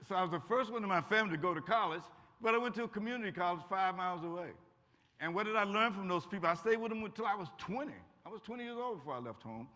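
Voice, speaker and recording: A man's voice: high voice, lively intonation, fast talker. An older man from Kentucky telling stories to a college audience in a folksy, humorous way, now and then acting out what people said. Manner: folksy, warm humor, acts out quotes. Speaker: guest speaker. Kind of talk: lively storytelling talk to students. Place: college auditorium. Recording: echoey hall.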